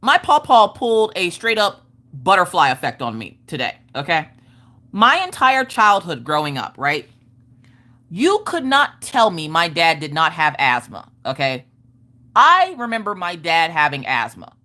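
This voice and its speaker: A woman hosting a casual livestream chat, telling stories in an animated way and going off on tangents while answering her viewers. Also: fairly low pitch, unhurried. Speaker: livestream host. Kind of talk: casual chat with live chat readers.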